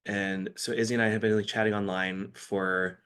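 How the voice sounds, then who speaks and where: Man from michigan, podcast guest, casual storytelling, laughs often, lowish voice. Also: normal speed, smooth. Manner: animated storytelling with frequent laughs. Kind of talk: casual chat.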